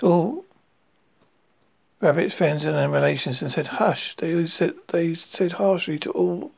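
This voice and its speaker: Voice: mid-range voice, gravelly, darkish tone. A storyteller reading a children's storybook aloud, stumbling and restarting often. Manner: halting reading with frequent slips and restarts. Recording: dull lo-fi recording.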